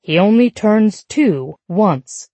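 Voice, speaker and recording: A woman's voice: mid-range voice, animated, slow, mellow, no echo. A woman voicing a devoted, teasing husband who tells playful fibs with a straight face. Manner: dry, playful fibbing. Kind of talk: audiobook narration.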